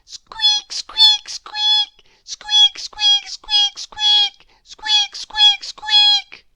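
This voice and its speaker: A woman voicing a tiny, frantic young male mouse in a storybook, squeaking in a very high voice with an anxious, urgent manner. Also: completely flat delivery, drawn-out words, bright, forceful tone, slight background noise, heavily acted. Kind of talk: storybook read-aloud.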